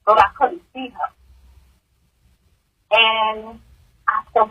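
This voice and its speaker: A grieving mother gives emotional personal testimony in an interview, halting and repeating words as her voice rises high in distress. Her tone is steady and slightly rough, and the audio is dull.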